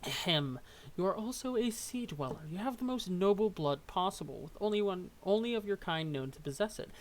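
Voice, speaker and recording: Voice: mid-range voice, lively intonation, a little fast, slight background noise. Casual webcomic reader full of asides. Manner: reads with stumbles, asides and laughs. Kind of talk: casual read-aloud of a webcomic.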